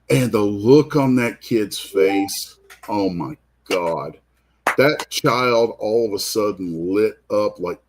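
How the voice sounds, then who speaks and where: A man hosting a comic art show, telling a rambling, heartfelt story in casual chat. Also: mid-range voice. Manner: rambling, heartfelt, restarts often. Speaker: comic artist host. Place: convention booth.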